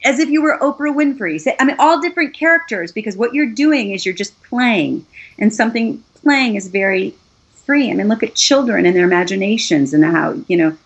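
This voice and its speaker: A woman's voice: mid-range voice, normal speed, slightly rough. A middle-aged woman, a voiceover artist, earnestly giving step-by-step advice in a casual conversation. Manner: earnest, coaching, gives step-by-step instructions.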